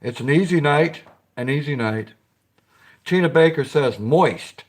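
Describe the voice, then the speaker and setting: A man's voice: a little high, moderate pace. A man hosting a casual live stream, chatting with viewers, greeting them by name and giggling often.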